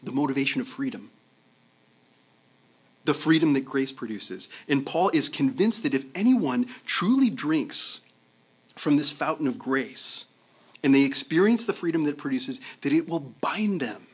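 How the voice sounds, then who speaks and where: A man preaches to his congregation in an easygoing, conversational way. His voice sits at a middle pitch for a man, and he often pauses to check in with his listeners and stumbles over repeated words. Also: lively intonation, slightly rough. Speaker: pastor. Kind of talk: sermon.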